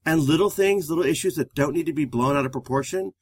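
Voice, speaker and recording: A man's voice: on the high side, quick pace, husky, no echo. A man co-hosting a relationship advice talk, a therapist who explains things steadily and speaks straight to the listeners. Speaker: therapist and co-host. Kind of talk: conversational relationship advice show.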